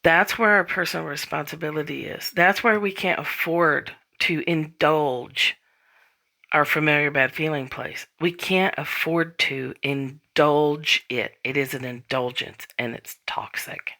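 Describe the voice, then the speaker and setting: A woman's voice: low-pitched, measured pace, vocal fry, bright, forceful tone. A woman hosting a spiritual self-help podcast, talking casually and bluntly, swearing freely and acting out inner voices. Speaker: podcast host.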